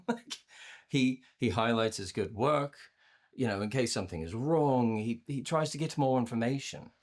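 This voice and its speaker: A man presenting a workshop on communication to a virtual audience, conversational and animated, often repeating words as he restarts his sentences. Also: measured pace. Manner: acts out inner voices with playful pitch jumps. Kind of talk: live talk to a virtual audience.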